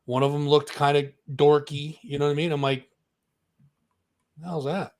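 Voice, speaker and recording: This is a man co-hosting a casual music talk show, spinning a long story. His voice sits a little high for a man. He acts out the people he quotes with big pitch jumps. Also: fairly even intonation, moderate pace, darkish tone.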